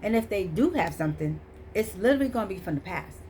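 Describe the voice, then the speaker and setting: A woman's voice: medium pitch, lively intonation, fast talker, a little mellow, slight background noise. A middle-aged woman giving a casual motivational talk, emphatic and repetitive, preaching about choices. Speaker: motivational vlogger.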